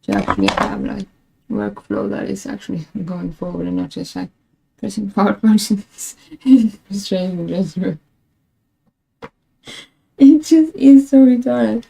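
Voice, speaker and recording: Her voice sits lowish, creaky and warm, moving at normal speed with plenty of expression, though the poor audio carries a little hiss or hum. A woman streamer rambles through casual chat, laughing often at herself and frustrated by her tech.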